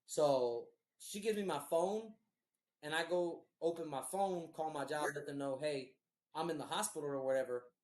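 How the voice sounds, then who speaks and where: A man casually telling a long, profane story on a podcast, animated and loose. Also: a little high, normal speed, reverberant, background noise. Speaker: podcast host.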